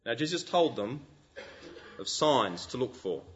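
A man preaching a sermon, animated and full of rhetorical questions. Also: medium pitch, a little slow, highs cut off.

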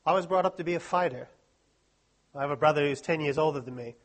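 A man's voice: on the high side, fast talker. A man giving a humorous, self-deprecating talk to a live audience at a Christian study week. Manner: joking, self-deprecating, chatty asides.

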